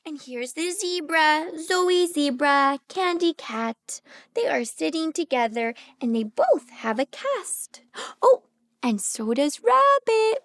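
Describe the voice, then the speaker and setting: A woman reads a children's picture book aloud, pausing to ask little listeners questions. Her voice is high and very lively, and she takes her time. The sound is close and dry. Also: no echo. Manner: gentle, animated, asks the child questions. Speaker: speech therapist reading aloud.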